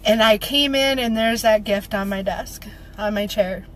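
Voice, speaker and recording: A woman's voice: medium pitch, a little slow, slight background noise, poor audio. A woman talking straight to her viewers, emphatic and repetitive, close to tears as she rallies them. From Minnesota. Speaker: motivational vlogger. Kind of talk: heartfelt direct-to-camera update.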